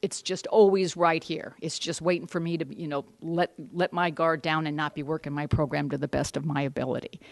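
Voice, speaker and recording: A woman's voice: sits low, fairly even intonation, brisk, creaky, few pauses, no echo. A middle-aged woman giving a candid, rambling personal testimony at a support group meeting, with wry asides and many restarts.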